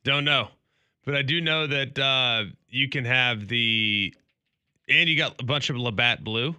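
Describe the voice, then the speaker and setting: Man, sports radio co-host, very bright edgy tone, deadpan one-word jokes, laughs a lot, dry studio mic. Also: mid-range voice, unhurried, smooth, no room sound. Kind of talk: casual sports talk.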